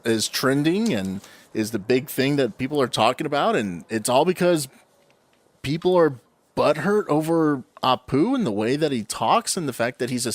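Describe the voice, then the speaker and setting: A man chatting loosely on a podcast, with plenty of likes and restarts. His voice is mid-pitched and recorded dry. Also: no room sound. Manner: loose, filler-heavy chatter. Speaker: podcast co-host. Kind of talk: casual chat.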